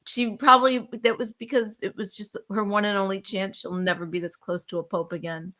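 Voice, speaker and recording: A woman's voice: medium pitch, steady tone, a little fast, bright, forceful tone. A woman co-hosting a podcast in casual chat, teasing and giggly. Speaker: podcast co-host.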